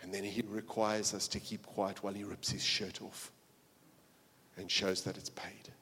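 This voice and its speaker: A man preaching a sermon, telling a story dramatically and swinging between hushed passages and loud ones. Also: lowish voice, flat delivery, moderate pace, slightly rough. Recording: long reverb of a large hall.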